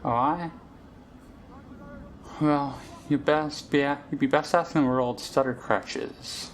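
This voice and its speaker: A man's voice: fairly high pitch, steady tone, takes it slowly, a little hiss or hum. A man voicing a tough, streetwise young red-haired girl in a vaguely Irish accent, cocky and haggling. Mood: sly. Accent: vaguely Irish, put on. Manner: cocky, haggling, drops "aye" constantly.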